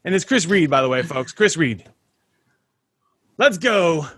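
A man's voice: on the high side, animated, a little slow, a bit bright, no echo. A man hosting a podcast interview over a video call, hyped and talking straight to his listeners. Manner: hyped, talks up the audience as folks. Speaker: podcast host.

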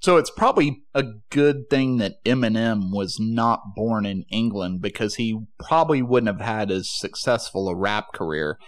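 A man co-hosts a casual talk show in an easygoing voice of ordinary pitch. He reads out questions and teases with a dry edge. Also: normal speed, hardly any pauses. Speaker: podcast co-host. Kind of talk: casual chat.

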